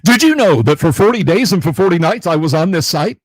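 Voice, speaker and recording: A higher, louder voice jumps out for a jokey male pop-star impression, as a man puts it on mid-chat. The lines come out half-sung and playful, with a clipped punch. The sound stays close and dry. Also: animated, a little fast, dry recording.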